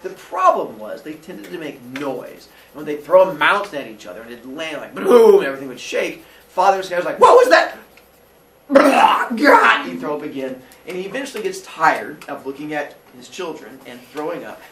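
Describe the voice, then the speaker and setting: A man teaching a class tells an old myth as a comic story and slips into quick voices for each character. His voice sits a little high and swings widely in pitch. He sounds set back from the mic in an echoey room, with a faint hiss of noise behind him. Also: crowd noise. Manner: animated, jokey, acts out characters in quick voices. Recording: roomy echo from far off with faint noise.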